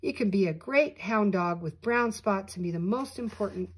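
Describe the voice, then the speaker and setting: An older woman voicing the inner thoughts of a happy young male hound dog in a storybook, with a husky voice. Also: medium pitch, moderate pace, lightly acted. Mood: content.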